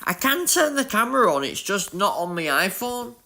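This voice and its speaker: Excitable Yorkshire man streaming races. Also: high-pitched, normal speed, creaky. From Leeds, Yorkshire, England. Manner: excitable, chatty, talks to chat. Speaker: gaming streamer. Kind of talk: live gameplay commentary.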